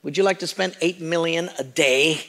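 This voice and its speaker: A man's voice: a little high, normal speed, fairly bright tone. A man preaching a Christmas sermon as pastor, joking with his congregation in a conversational way. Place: church sanctuary.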